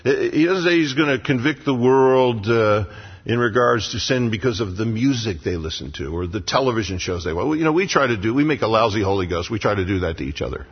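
A man's voice: medium pitch, slightly rough. A man preaching a sermon as pastor in a church sanctuary, with emphatic repetition. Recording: lo-fi sound with long hall reverb.

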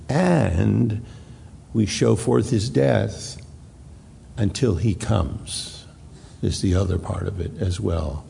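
A man preaching a sermon in a church, slow and deliberate, repeating phrases for emphasis. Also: on the low side, creaky, dark tone, a little hiss or hum. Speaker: pastor. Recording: long hall reverb.

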